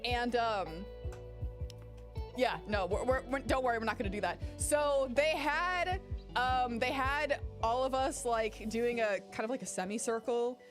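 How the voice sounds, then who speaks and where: Chatty woman gamer who swears freely. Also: a little slow. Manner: animated storytelling with big pitch swings. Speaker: gaming YouTuber. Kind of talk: casual chat during a game playthrough. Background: game music.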